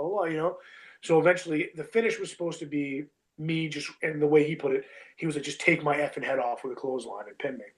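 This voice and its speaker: A wrestler in his thirties, his voice on the high side, tells a long story in a casual interview, packing it with fillers like "you know what I mean" and "bro." The recording is low quality.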